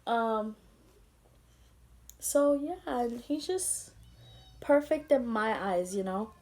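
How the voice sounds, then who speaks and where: A woman's voice: a little high, expressive, slow pace, darkish tone. A young woman vlogger telling an emotional story, tender and rambling, teary-eyed as she talks.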